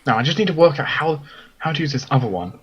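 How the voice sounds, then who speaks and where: A man doing a bomb-loving alchemist who talks fast, with lively rises and falls in his pitch. His voice is husky and a little high. He keeps asking eager questions. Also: highs cut off. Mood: musing. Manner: fast, excitable. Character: curious male bomb-carrying alchemist, eager.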